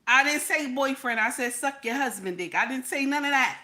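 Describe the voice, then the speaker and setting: A married woman hosting her own channel, giving blunt, profane, animated commentary straight to her viewers. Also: sits high, fairly quick. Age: adult, married. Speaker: channel host.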